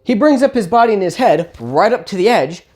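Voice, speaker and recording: A woman casually telling a personal holiday story with chatty asides and quick self-corrections. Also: mid-range voice, big pitch swings, a little mellow.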